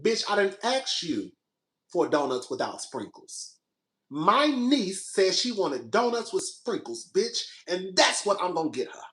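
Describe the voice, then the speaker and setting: A man's voice: high voice, echoey room. A young man telling a story in a casual rant, sassy, exasperated and profane, with dramatic delivery. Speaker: podcast host.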